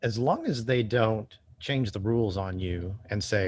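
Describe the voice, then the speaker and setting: A man's voice: on the low side, unhurried. A man co-hosting a podcast in casual chat, with dry, brief remarks. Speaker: podcast co-host.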